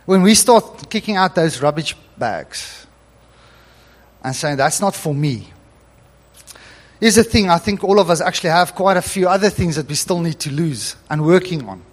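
A middle-aged man preaching a sermon in a church hall, animated and chuckling as he reads scripture aloud. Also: a little high, normal speed. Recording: long hall reverb.

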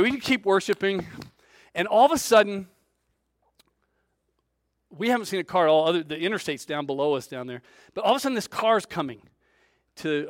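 High-voiced man preaching a lively story. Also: no echo, clean studio sound. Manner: lively storyteller with big swings in loudness, acting out quoted voices. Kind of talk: storytelling sermon.

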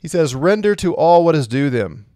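Earnest preacher, dry sound. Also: male voice, on the high side, big pitch swings, moderate pace, mellow, no room sound. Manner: earnest, emphatic, repeats phrases. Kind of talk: sermon.

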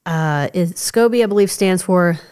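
A woman's voice: lowish voice, moderate pace, darkish tone, clean tone. A woman with a stuffed-up nose co-hosting a podcast, explaining things in an upbeat, casual way. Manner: explanatory, upbeat, laughing easily. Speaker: podcast co-host. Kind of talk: casual chat.

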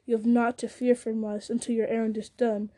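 A stern old wizard answering calmly and firmly, as a woman reading a storybook puts him on. The tone is mellow and soft, pitched fairly high. He speaks with steady, measured authority. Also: lightly acted.

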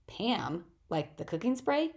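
A woman's voice: medium pitch, sing-song, takes it slowly, vocal fry, a little mellow, heavily acted. Woman reading as a wry teenage boy. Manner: sarcastic, questioning.

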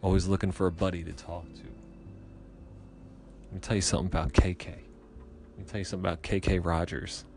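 A man's voice: sits low, flat delivery, fairly quick, pauses often, darkish tone, a little hiss or hum. A man telling a rambling, profane comic story with chatty asides.

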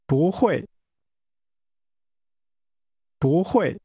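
A man saying short phrases slowly and clearly for learners to repeat. His voice sits at a middle pitch and sounds dry and close. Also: lively intonation, warm tone, dry recording. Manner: deliberate and clearly enunciated. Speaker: pronunciation model speaker. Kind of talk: slow, careful model pronunciation.

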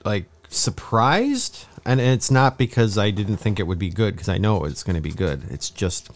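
A man's voice: lowish voice, sing-song, moderate pace. Teasing, chatty man on a podcast. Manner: teasing, chatty storyteller, laughs often. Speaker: podcast co-host. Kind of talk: casual chat.

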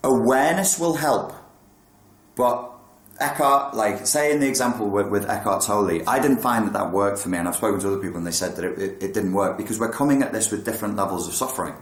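A man's voice: lowish voice, fast, roomy sound. A man talking casually and frankly about meditation, with some swearing. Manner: frank, swears, acts out thoughts in quotes. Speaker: meditation and mental health talker. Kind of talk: casual spoken talk on meditation.

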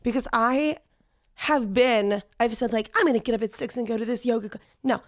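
A woman's voice: a little high, fairly quick. A woman hosting a casual chat, agreeable and encouraging, often laughing along.

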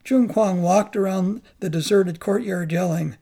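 A man narrating a memoir in a measured, reflective reading. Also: high voice, fairly even intonation, creaky, dark tone.

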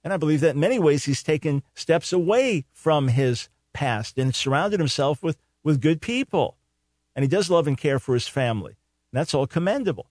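A man's voice: a little high, animated, moderate pace, darkish tone, no echo, clean studio sound. A man hosting a call-in talk radio show, giving opinionated commentary with emphatic rhetorical questions and repeated phrases for stress.

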